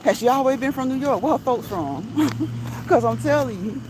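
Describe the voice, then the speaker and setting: Walking outdoors, a female host chats casually on a livestream in a high, expressive voice at normal speed, with background noise around her. She reads out viewer comments, laughs often, and repeats phrases for emphasis.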